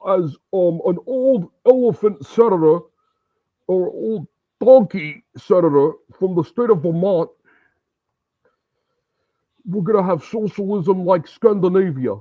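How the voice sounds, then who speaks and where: A man putting on the voice of an old male senator, lecturing loudly about politics in a high, strained voice. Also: animated, a little slow, long pauses, no echo. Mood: ranting. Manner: shouty, lecturing, high-pitched. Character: old male socialist senator, fiery and preachy. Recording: tinny, phone-like, dry sound.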